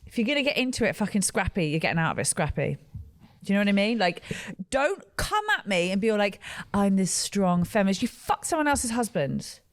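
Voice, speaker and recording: A woman's voice: mid-range voice, quick pace, no room sound. A woman in her twenties co-hosting a podcast, talking expressively and laughing often in casual chat. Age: 20s. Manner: expressive, exclamatory, laughs easily. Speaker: podcast co-host.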